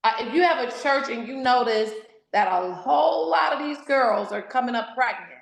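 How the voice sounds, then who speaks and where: A woman's voice: a little high, lively intonation, normal speed, gravelly, roomy sound, poor audio. A woman author and speaker giving an interview, exhorting in an emphatic, sermon-like way. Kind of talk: candid interview, preacherly.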